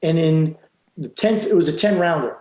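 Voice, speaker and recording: Man, boxing referee guest, high voice, emphatic storyteller, echoey room. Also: normal speed, a little mellow. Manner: emphatic, acts out quotes, frequent restarts. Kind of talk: animated storytelling in an interview.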